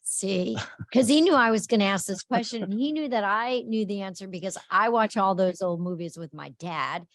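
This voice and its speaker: A woman's voice: mid-range voice, normal speed, few pauses, no room sound. A woman co-hosting a webinar, chatty and playful, teasing her colleague over a video call. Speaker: webinar co-host. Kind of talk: casual chat opening a webinar.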